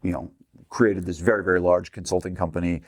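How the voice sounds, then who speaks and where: A middle-aged man hosting a casual business podcast, telling animated stories and often repeating words as he starts a sentence. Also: sits low, brisk, no room sound, studio quality. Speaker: podcast host and gym business coach.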